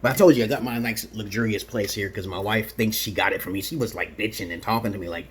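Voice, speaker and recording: Brooklyn-raised man, rough-edged voice, boastful and provocative, keeps asking "okay?" in a loose vlog monologue. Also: lowish voice, fast, hardly any pauses. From Brooklyn, New York. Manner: peppers talk with "okay?". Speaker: vlogger. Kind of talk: rambling casual monologue.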